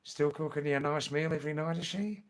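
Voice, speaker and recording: A man's voice: fairly high pitch, quick pace, close to an everyday voice. A man doing a cheeky broad aussie bloke. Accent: broad Australian put on. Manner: teasing, jokey, rising questions.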